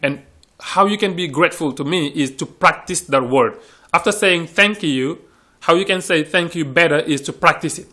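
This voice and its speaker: Man, earnest English teacher, slightly higher voice, restarts phrases in panel talk. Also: normal speed, few pauses, bright, forceful tone. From Senegal. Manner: earnest, repeats words while searching for phrasing. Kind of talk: panel discussion.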